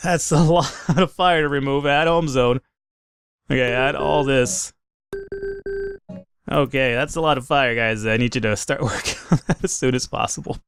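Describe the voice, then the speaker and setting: A man commentating his own gameplay in a let's play, excitable, swearing and laughing at his own mistakes. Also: mid-range voice, moderate pace, pauses often, clear, resonant tone, no echo. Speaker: gaming commentator.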